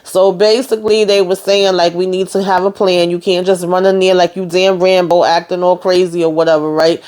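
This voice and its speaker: A woman's voice: on the low side, a little fast. Woman chatting through a show recap, quotes everybody, lots of you know and um. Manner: animated retelling, quoting characters, many fillers. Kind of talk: casual chat recap.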